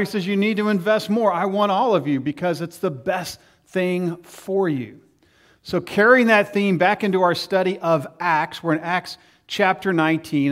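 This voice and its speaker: A middle-aged male pastor preaching a sermon, telling stories and acting out the voices of people he quotes. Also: sits high. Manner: storytelling, animated, acts out quoted voices.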